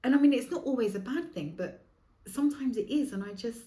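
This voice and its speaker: A woman's voice: a little high, lively intonation, a little fast, warm tone, echoey room. A woman in her forties hosting her own podcast, talking in a rambling, frank way with plenty of swearing. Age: 40s. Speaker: podcast host. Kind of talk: candid solo podcast monologue.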